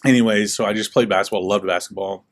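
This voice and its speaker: A young man with a slightly low voice tells his life story in a casual school interview. He is relaxed and chatty, leans on "like" a lot, and acts out the people he quotes. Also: fast talker. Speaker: guest speaker.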